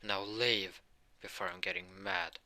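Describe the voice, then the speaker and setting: A man's voice: on the low side, steady tone, moderate pace, bright, forceful tone. A man voicing an angry, insulting young male rival mage in an improvised fan story.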